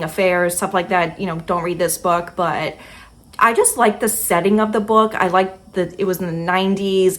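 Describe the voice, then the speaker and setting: A young woman chatting casually about books she loved, with lots of filler words. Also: lowish voice. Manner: chatty, many "like" and "kinda" fillers. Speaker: book vlogger. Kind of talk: casual book review chat.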